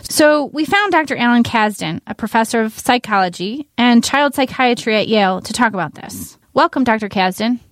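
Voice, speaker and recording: A woman's voice: fairly high pitch, lively intonation, moderate pace, few pauses, dry recording. Woman, podcast cohost, candid, laughs easily, dry close sound. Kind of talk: casual chat.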